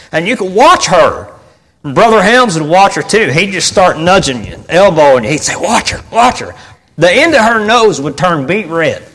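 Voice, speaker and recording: A male preacher with a drawl delivers a storytelling sermon, his voice sitting a bit high for a man and swinging widely in pitch. He keeps repeating phrases for emphasis and bursts into louder moments. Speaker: pastor.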